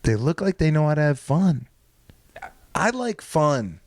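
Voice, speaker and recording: Rambling young man, animated podcast chat. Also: fairly high pitch, a little slow, no echo. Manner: rambling, animated, many fillers. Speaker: podcast guest. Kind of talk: casual crude banter.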